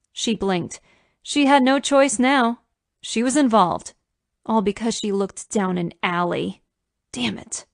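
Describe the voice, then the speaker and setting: A woman narrating a romance audiobook in a measured storytelling manner. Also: on the high side, vocal fry, dry recording, studio quality.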